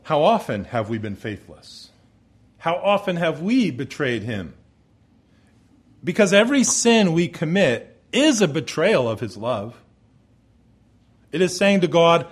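A man's voice: very animated, unhurried, long pauses, slightly rough. Earnest male preacher delivering a sermon. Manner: earnest preaching, rising to emphatic peaks then dropping low. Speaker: pastor.

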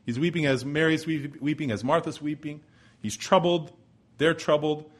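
Preaching man with a fairly high voice. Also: steady tone. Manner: dramatic shifts between forceful emphasis and hushed pauses. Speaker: pastor. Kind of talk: expository sermon.

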